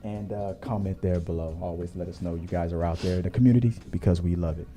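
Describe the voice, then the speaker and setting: A man hosting a live movie talk stream, energetic and joking, rambling a bit between topics. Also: low voice, fast talker. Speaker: podcast host.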